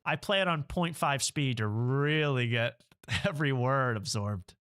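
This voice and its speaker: A man's voice: medium pitch, a little slow, a bit bright, clean tone. A man hosting a comedy talk show, chatting casually, mocking and laughing often. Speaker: host.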